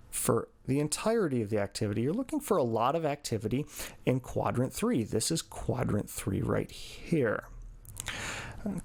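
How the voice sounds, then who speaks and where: Male cycling coach, gravelly voice, mid pitch, loose filler-heavy explaining over charts. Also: darkish tone. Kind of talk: screen-share training lesson.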